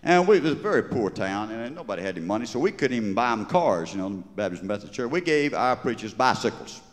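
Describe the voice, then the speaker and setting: On a live stage with long reverb, a stand-up humorist from Georgia, USA, spins folksy, rambling stories in a Georgia Southern accent. His voice sits at medium pitch, sing-song and quick.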